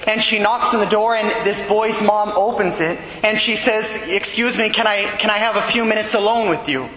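A man preaching slowly and earnestly, telling stories with quoted dialogue. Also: high-pitched, bright, forceful tone. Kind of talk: sermon storytelling. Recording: echoey hall with faint ambience.

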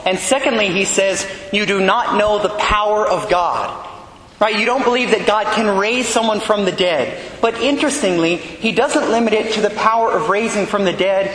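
A man's voice: sits high, normal speed, fairly bright tone, echoey room, big-room sound, a little hiss or hum, rough recording. A man giving a homily as a priest, earnest and conversational, often checking in with "right?".

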